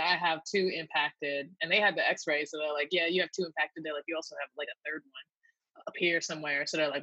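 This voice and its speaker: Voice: mid-range voice, pushed and bright, no room sound, highs cut off. A podcast host joking around and trading stories in casual chat. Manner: jokey, chatty, retells anecdotes with quoted voices.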